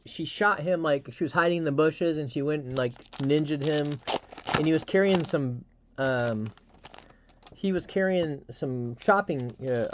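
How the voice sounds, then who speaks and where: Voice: medium pitch, background noise. A live stream host chatting casually, telling a rambling story with frequent restarts and fillers.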